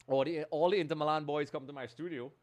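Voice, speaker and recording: A man's voice: a little high, steady tone, fast, no echo. A male gaming streamer chatting live, greeting viewers and reading out the chat.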